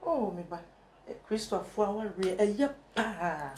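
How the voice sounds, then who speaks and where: A woman's voice: mid-range voice, lively intonation, moderate pace, darkish tone, echoey room. A woman from Ghana, a talk show guest, giving earnest advice and quoting scripture. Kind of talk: casual studio chat.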